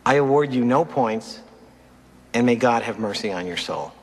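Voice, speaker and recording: A stern male moderator , played by a man, delivers slow, withering contempt at a middling pitch. His voice rings with the long reverb of a large hall, heard in a film clip. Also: animated, natural voice. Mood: scornful.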